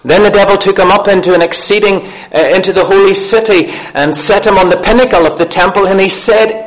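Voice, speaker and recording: A man with a high voice preaches a sermon. He speaks earnestly, asks his listeners questions, and repeats key phrases for emphasis. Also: brisk, hardly any pauses.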